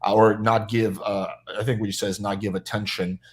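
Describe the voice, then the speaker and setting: A man's voice: on the low side, little pitch movement, a little fast. A man on a panel talking things through thoughtfully, with lots of "uh" and "like". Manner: thoughtful, hedging with fillers. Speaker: panel guest. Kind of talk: casual panel talk.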